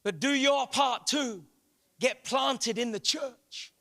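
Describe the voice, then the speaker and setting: A man preaching a sermon in a large church hall, impassioned, with rising shouts. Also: very high voice, slow. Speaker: guest pastor.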